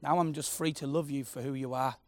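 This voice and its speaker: A man preaching, passionate and personal, swinging from loud declarations to soft, intimate prayer. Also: medium pitch, fairly even intonation, brisk, no echo. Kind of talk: sermon.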